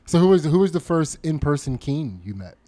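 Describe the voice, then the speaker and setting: A man's voice: on the high side, very animated, a little fast, warm tone. Playful, pun-happy man hosting a podcast. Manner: playful, punning, teasing. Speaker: podcast co-host. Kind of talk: casual podcast chat.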